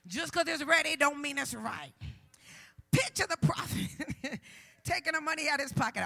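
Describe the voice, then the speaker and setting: A woman preaches a sermon in a very high, gravelly voice with a bright, sharp edge. She drops into quiet teasing asides, then climbs to loud shouted calls at the congregation. Faint music plays under the live church recording. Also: lively intonation, normal speed. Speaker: guest minister.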